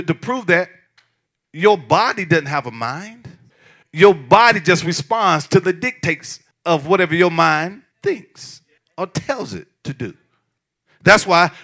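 A man preaching a sermon as pastor, lively and repetitive, with laughs and shouted emphasis. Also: on the high side, measured pace.

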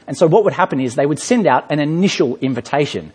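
Animated preacher man. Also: on the high side, fast talker, husky. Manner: lively, animated storytelling with rhetorical questions. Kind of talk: sermon. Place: church hall.

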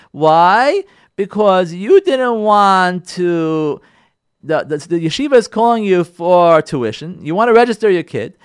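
Animated rabbi with a lively high voice. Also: male voice, dry recording, clean studio sound. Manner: animated, repeats phrases for emphasis, uses Hebrew terms. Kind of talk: Torah class on marriage.

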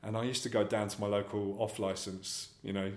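A man's voice: on the low side, flat delivery, brisk. A man speaking as an actor guest in a casual interview, telling rambling, self-deprecating anecdotes. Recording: echoey room.

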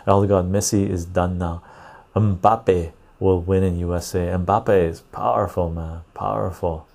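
A man's voice: sits low, fairly even intonation, unhurried, creaky, a little mellow. A middle-aged man from the West Coast of Canada, hosting a casual livestream podcast and answering viewer chat aloud. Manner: reads viewer chat aloud and answers loosely, with frequent fillers. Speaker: podcast host.

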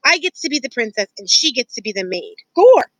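Woman doing a loud, simple serving girl. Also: on the high side, expressive, quick pace, no echo, poor audio. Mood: excited. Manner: loud and blunt, broken grammar.

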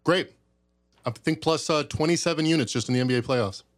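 A man's voice: a little high, a little fast. A man giving short, matter-of-fact answers in a casual chat. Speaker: guest bettor.

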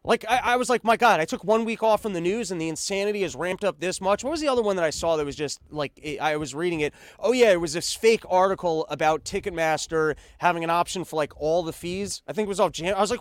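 A man's voice: high-pitched, fast, hardly any pauses, dry recording. A man hosting a podcast, ranting casually and sarcastically with lots of swearing and stammered restarts. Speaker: podcast host.

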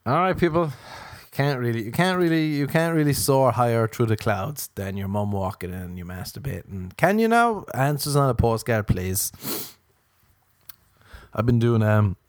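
A man hosts a comedy podcast alone, speaking at normal speed in a crude, rambling, self-mocking way, with sudden high-pitched exclamations. The sound is dry and close, with no room sound.

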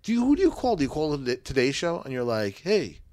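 Sarcastic male podcast co-host, lively pitch. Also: fast talker. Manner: sarcastic, joking, reads out notes. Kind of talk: casual banter podcast.

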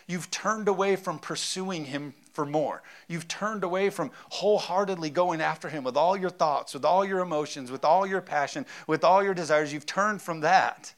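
A man in his thirties preaching a sermon, animated, laughing often and asking the congregation whether they are with him. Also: mid-range voice. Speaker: pastor.

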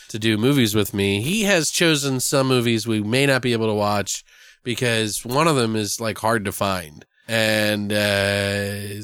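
Male podcast host, casual and crude, smooth-toned and dry; just recovered from illness. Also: medium pitch, fairly bright tone, dry recording. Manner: rambling, profane, joking. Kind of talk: casual chat.

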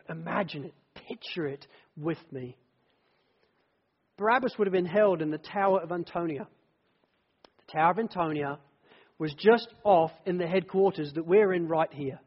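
High-voiced man preaching a dramatic sermon. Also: moderate pace, slightly rough, big-room sound, highs cut off. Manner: dramatic storytelling that swells from hushed to loud, repeated triple phrases.

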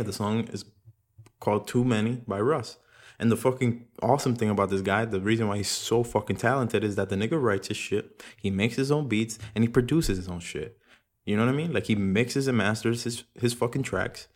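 A man's voice: mid-range voice, a little mellow. A young man hosting a casual solo podcast, rambling and swearing a lot, often laughing at himself. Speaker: podcast host. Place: home room with echo.

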